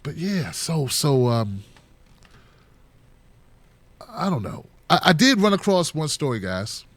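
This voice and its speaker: A man's voice: fairly high pitch, very animated, takes it slowly. A middle-aged man hosting a casual solo commentary, joking loosely and acting out other people's voices. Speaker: political commentary host.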